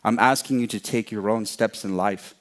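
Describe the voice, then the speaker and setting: A man voicing a calm, wise male wolf in a spoken folk tale, speaking low and steady. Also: normal speed, close to an everyday voice.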